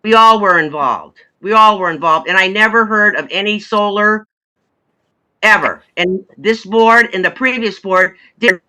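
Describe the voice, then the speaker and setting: Bright-voiced, firm board president. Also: female voice, medium pitch, unhurried, poor audio. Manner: firm, repeats herself to hold the floor. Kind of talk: chairing a heated board meeting.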